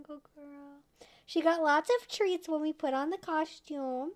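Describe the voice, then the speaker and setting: A woman's voice: sits high, measured pace. A young woman hosting a casual livestream from home on a desk mic, talking emphatically and cooing at her pet. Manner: emphatic, chatty, doting baby talk to her pet. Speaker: streamer host. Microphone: desk microphone.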